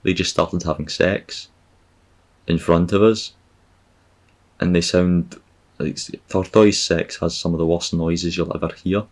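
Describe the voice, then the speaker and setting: A man's voice: low-pitched, fairly even intonation, measured pace, long pauses. A Scottish man hosting a podcast, rambling through a comic, sarcastic and profane travel monologue. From Scotland. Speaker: podcast host.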